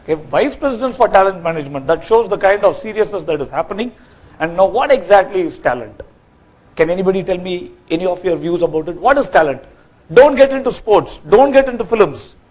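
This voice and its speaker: A man gives a corporate training talk from a workshop stage, lively and quizzing his audience. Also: high-pitched, brisk, poor audio. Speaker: workshop speaker.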